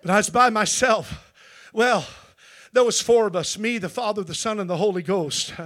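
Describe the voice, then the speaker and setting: A male pastor with a very high, bright and forceful voice preaches a Pentecostal sermon in a church. He drops to a hushed storytelling tone, then climbs into shouting with stretched-out emphatic phrases. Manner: drawn-out emphatic phrases at climaxes. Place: church sanctuary.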